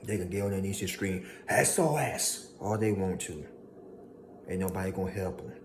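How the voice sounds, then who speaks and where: A man delivers an emphatic motivational monologue, hammering home his points by repetition. His voice sits low and deep. A steady hiss of background noise runs under it. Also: brisk. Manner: preachy, emphatic, repeats lines for effect, mocking voices of haters. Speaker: motivational speaker.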